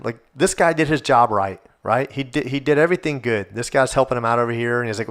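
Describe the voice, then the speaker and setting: A man's voice: medium pitch, quick pace, few pauses. A man hosting a casual solo podcast, rambling and swearing as he gets worked up. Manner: rambling, profane, animated. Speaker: podcast host.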